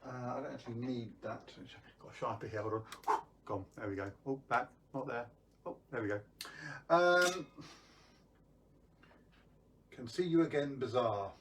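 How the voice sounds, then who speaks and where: A man's voice: mid-range voice, unhurried, pauses often, recorded from a distance, noisy background. A man hosting a live magic stream, chatting casually to viewers with lots of ums and restarts.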